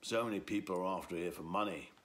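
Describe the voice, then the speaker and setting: Man voicing a gruff little bear, growling, fussy, low, storybook. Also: quick pace, fairly bright tone. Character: small male bear servant, gruff and wary.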